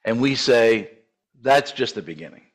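A man's voice: medium pitch, expressive, moderate pace, low-quality recording. An older man in his seventies giving a conversational sermon-style teaching, with asides and restarts. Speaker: preacher.

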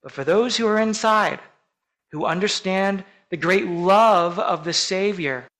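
A man preaching a sermon as pastor, earnest and measured, slowing down for emphatic phrases. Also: high voice, a bit bright, poor audio.

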